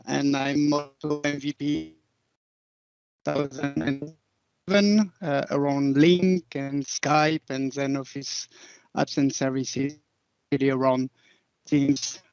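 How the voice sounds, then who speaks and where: A man with a French accent giving an online conference talk, speaking haltingly with many pauses. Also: medium pitch, steady tone, clear, resonant tone, no echo. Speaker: conference presenter. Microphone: video call. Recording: dry, slightly muffled online call.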